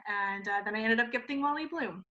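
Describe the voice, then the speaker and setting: A woman who founded a cosmetics company tells a story in an interview, animated, laughing often and filling her talk with "like". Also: on the high side, a little fast, crowd noise. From Canada. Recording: muffled lo-fi sound.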